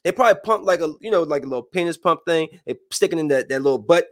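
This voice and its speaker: A man in his thirties giving casual, joking live-stream commentary, swinging between loud bursts and hushed asides. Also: on the high side, animated, fast talker, a little hiss or hum. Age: 30s.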